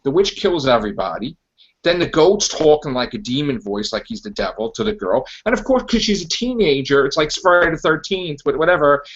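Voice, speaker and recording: A man's voice: on the high side, sing-song, brisk. A man hosting a podcast, ranting in exasperated disbelief about a movie and acting out quotes. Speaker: podcast host. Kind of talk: casual movie review chat. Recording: dull lo-fi podcast audio.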